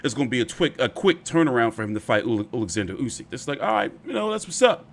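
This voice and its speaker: A man's voice: medium pitch, fast, creaky. Guy ranting over boxing clips, swears a lot, voice jumps all over. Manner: exasperated, animated, swears freely. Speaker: boxing commentator reacting to clips. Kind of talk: casual reaction commentary.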